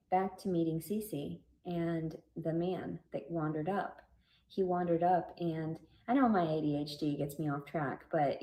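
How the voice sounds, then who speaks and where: A woman with a low, mellow voice tells a personal story in a casual vlog. Her delivery stays fairly flat and level as she drifts between tangents. She talks earnestly and rambles, with many fillers and false starts. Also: a little hiss or hum, low-quality recording. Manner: earnest and religious. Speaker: vlogger.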